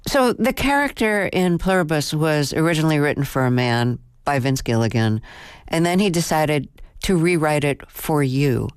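A woman's voice: low-pitched, expressive, normal speed, smooth, no room sound, clean studio sound. A woman hosting a radio interview, asking direct, inquisitive questions.

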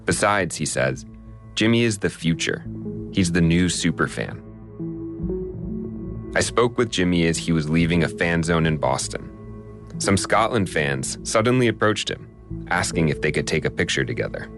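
A man with a very deep, low voice narrating a radio news story. His delivery is measured and composed, with faint music running underneath. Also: expressive. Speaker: radio reporter.

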